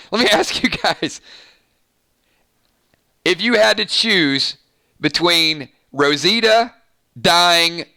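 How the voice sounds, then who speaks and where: Excitable male stream host, slightly high voice, dry close sound, chats straight to viewers. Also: vocal fry, no room sound. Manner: excitable, laughs often, talks to viewers directly. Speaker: host of a TV review channel. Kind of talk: live-stream chat reading viewer comments.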